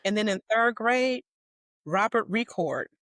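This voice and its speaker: A woman's voice: mid-range voice, expressive, a little slow, dry recording. Woman who stutters, dry close sound. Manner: stutters with repeated sounds and words; warm, laughing, emphatic. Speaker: guest, educator. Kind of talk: personal storytelling in an interview.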